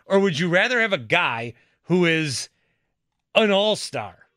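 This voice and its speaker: A man's voice: high voice, sing-song, measured pace, sharp tone, no echo, clean studio sound. A man hosting a sports radio show, walking through hypotheticals step by step and pressing his points emphatically. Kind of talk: sports radio talk, reading the call-in number.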